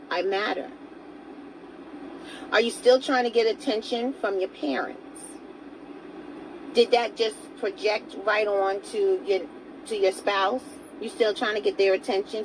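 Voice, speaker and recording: A self-help vlogger speaks to camera in a motivational talk, her mid-range voice set against background noise. She's earnest and coaxing, putting direct questions to viewers and greeting some of them by name.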